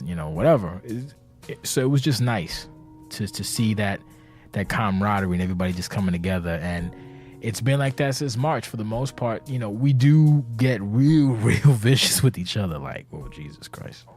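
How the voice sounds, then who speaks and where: Brief: man with a lowish voice, rambling and profane, sounds tired and anxious, faint music underneath. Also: animated, normal speed, a little mellow. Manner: rambling, profane, self-interrupting. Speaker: community leader of an online wrestling game league. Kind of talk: casual podcast monologue. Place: indoors, seated.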